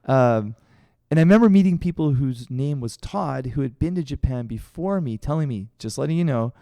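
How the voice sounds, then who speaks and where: Animated Canadian man telling stories. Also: medium pitch, moderate pace, vocal fry, dry recording, studio quality. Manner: animated, acts out quoted voices, laughs often. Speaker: podcast co-host. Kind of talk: casual storytelling chat.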